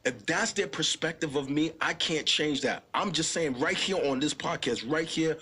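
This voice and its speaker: A man's voice: fairly high pitch, normal speed, sharp tone, husky. A man, a pastor, talking in a casual interview, earnest and informal, often building into impassioned preacher-like appeals. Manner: informal, keeps calling the listener "bro". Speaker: pastor, podcast guest. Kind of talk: casual conversation.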